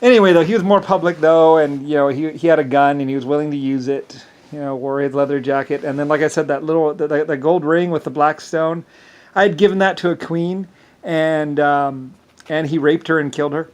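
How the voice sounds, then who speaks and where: A man talks in a loose, rambling monologue, his voice sitting a little higher than most men's. He stops and starts, repeats words, fills the gaps with "um" and "like", and lets out small chuckles as he goes. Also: fairly even intonation, a little mellow. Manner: halting, repeats words, many fillers, chuckles often.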